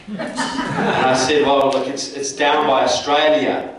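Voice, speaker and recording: A man's voice: medium pitch, flat delivery, unhurried, a crowd in the background. A man from New Zealand with a New Zealand accent, giving a folksy, direct speech to a local group, recorded in a meeting hall. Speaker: guest speaker. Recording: echoey hall, mic far off.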